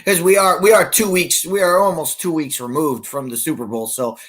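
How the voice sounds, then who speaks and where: A man's voice: a little high, steady tone, normal speed, a bit bright. A male podcast co-host in casual sports chat, rambling with many restarts.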